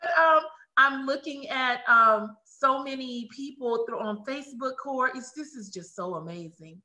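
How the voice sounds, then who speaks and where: A woman hosting a live webinar over a video call, excited and effusive, with many restarts. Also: high voice, a little slow. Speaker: webinar host.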